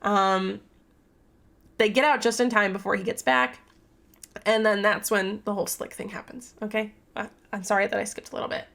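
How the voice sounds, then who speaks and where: A young woman vlogs a casual book recap, rambling and cursing freely. Her mid-pitched voice has a strong gravelly fry. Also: little pitch movement, normal speed, fairly bright tone. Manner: chatty, rambling, profane, many fillers. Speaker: book vlogger.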